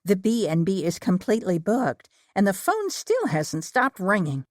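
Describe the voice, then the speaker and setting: A woman voicing a polite, gently cheerful middle-aged woman who runs a bed and breakfast. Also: mid-range voice, wildly swooping pitch, normal speed, no echo, studio quality, pitched above the performer's own voice. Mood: gracious. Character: gracious middle-aged woman innkeeper, modest.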